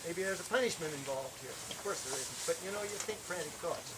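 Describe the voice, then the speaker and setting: A man tells a personal story at a camp worship service, his voice sitting high and lively. He acts out the shouted lines of the story with energy. The recording carries clear background noise. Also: a little fast. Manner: animated, acts out shouted quotes.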